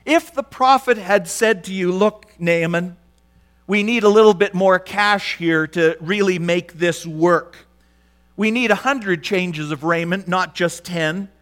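A man's voice: high voice, a little slow, fairly bright tone. A man preaching a sermon, retelling a story with dramatic flair and acting out the quotes.

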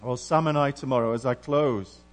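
A middle-aged man preaching a sermon earnestly, moving between hushed and emphatic passages. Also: mid-range voice, moderate pace, soft background music. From England.

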